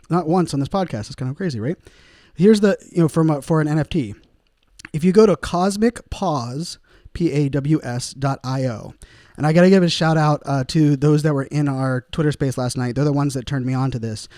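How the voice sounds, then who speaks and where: Man, podcast host, casual rambling monologue, mellow, dry close mic. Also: on the high side, no echo. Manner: rambling, many fillers, laughs at own puns.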